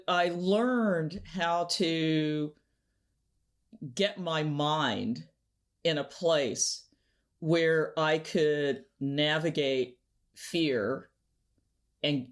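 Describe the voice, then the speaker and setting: Slow, animated woman telling stories. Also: sits low. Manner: animated storyteller, laughs often, acts out quotes. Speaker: guest. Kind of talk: conversational interview storytelling.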